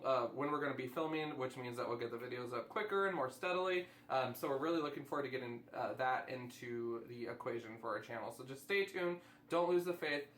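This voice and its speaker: A man's voice: on the high side, a bit bright, echoey room, slight background noise. A man hosting a casual chat, enthusiastically rambling through comic reviews. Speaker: host.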